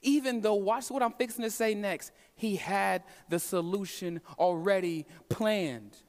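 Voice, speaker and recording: A pastor preaches in a strikingly high voice. He shifts from quiet, intimate stretches to rousing, emphatic calls. The sound rings with the long reverb of a large church hall. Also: measured pace. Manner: impassioned preaching, swinging from hushed to emphatic calls. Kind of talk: sermon. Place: church sanctuary.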